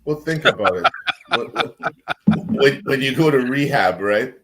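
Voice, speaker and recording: A man's voice: mid-range voice, expressive, slow pace, a bit bright, slight background noise. A man on a talk panel speaking bluntly and emphatically about hard times, with swearing and dry jokes. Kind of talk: casual panel chat.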